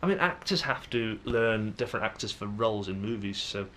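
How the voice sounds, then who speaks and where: A young man with a Manchester accent talks to camera in a casual vlog, his voice sitting fairly low. He thinks aloud as he goes, stopping and restarting with plenty of ums. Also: animated, a little fast, fairly bright tone, a little hiss or hum. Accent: Manchester English. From England. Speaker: vlogger. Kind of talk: casual musing monologue to camera.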